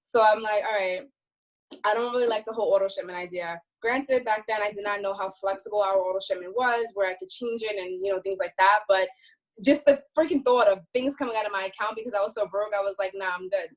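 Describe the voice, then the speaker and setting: A woman with a New York accent, a guest on a video call, talking very fast in an animated, effusive way about her story. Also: mid-range voice, low-quality recording. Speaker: guest speaker. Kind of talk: casual motivational talk on a video call.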